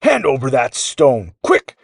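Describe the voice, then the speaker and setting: A man voicing a magical echo that roars a boy's bossy commands back loudly. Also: mid-range voice, huge pitch swings, slow, vocal fry, breathy edge, studio quality, voice pushed up, heavily acted. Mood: roaring. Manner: loud, roaring commands.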